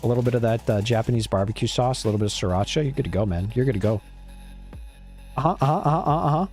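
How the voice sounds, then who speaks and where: Soft music plays behind a male streamer giving casual gameplay commentary to his chat. He talks fast in a mid-range, slightly mellow voice, staying laid-back and dropping the occasional swear word.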